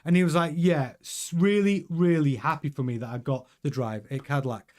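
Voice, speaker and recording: A man's voice: a little high, steady tone, a little fast, a little mellow. A man hosting a casual news commentary show, chatty and rambling with many restarts and fillers.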